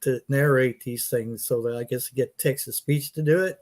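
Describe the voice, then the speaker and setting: A man's voice: mid-range voice, steady tone, normal speed, darkish tone. An American man chatting casually on a livestream, explaining things at length with restarts. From United States. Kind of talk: casual chat.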